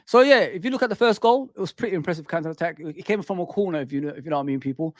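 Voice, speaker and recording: Football fan host, male, heated and repetitive on a desk mic, high voice. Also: racing, no room sound, clean studio sound. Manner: heated, repetitive, calls listeners "people" and "man". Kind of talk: ranting fan commentary. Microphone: desk microphone.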